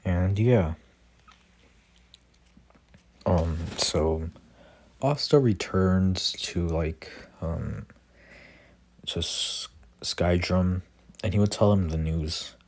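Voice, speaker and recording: Speaking slowly in a deep voice over a faint hiss or hum, a young man recounts his fan story in a loose, rambling way, stumbling through fillers and false starts. Character dialogue comes out quietly, with no voices put on.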